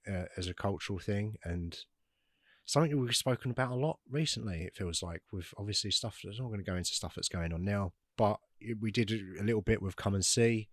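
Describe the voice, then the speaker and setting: A man's voice: on the low side, a little fast, no echo. A man co-hosting a film podcast, talking casually with frequent restarts and dry humour. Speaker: podcast co-host. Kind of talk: casual film-discussion chat.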